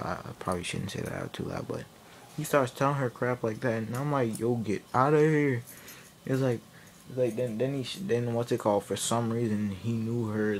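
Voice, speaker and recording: A vlogger with a mid-range male voice rambles through a comedic story, laughing and often interrupting himself partway through sentences. The recording has a little hiss or hum.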